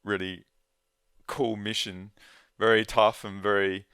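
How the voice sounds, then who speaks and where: A man speaking as a guest in a casual conversation, earnest and halting, often restarting his sentences. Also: fairly low pitch, flat delivery, a bit bright, smooth, no echo, clean studio sound.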